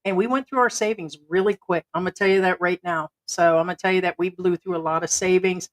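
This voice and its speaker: A woman's voice: on the low side, fairly even intonation, quick pace, rough recording. A woman co-hosting a livestream, chatting casually and retelling stories with quoted back-and-forth dialogue. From United States. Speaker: livestream co-host.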